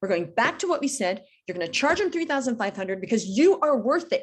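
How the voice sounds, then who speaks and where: A woman's voice: on the high side, animated, brisk, hardly any pauses, breathy edge. A middle-aged woman coaching in a casual interview, blunt and emphatic, acting out conversations as she tells stories. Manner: emphatic, blunt, acts out dialogue. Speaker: business coach guest. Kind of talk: casual podcast interview storytelling.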